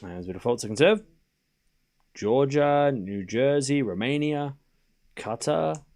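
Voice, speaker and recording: A man in his young adult years hosts a live tennis watchalong, mixing point-by-point calls with casual banter to his chat. His voice is lively and swings widely in pitch, sitting in an ordinary middle register. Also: unhurried. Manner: chatty, reads out viewer locations between play calls. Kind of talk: live stream commentary and chat.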